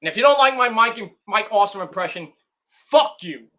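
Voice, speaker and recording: A man's voice: high voice, lively intonation, brisk, pushed and bright, highs cut off. A man hosting a casual wrestling talk stream, rambling and profane, with many restarts and fillers. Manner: rambling, profane, full of "you know" and restarts. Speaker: streamer host.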